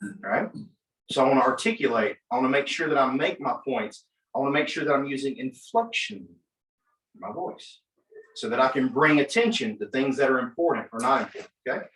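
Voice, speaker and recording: A man who is an attorney, coaching a class on mock trial in an animated way, acting out courtroom exchanges. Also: mid-range voice, brisk. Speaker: attorney, guest speaker. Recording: echoey room, mic from far off.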